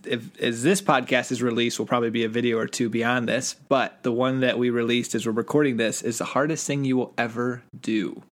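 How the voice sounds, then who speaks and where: A man hosting a podcast in casual chat, rambling and laughing often. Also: mid-range voice. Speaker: podcast host.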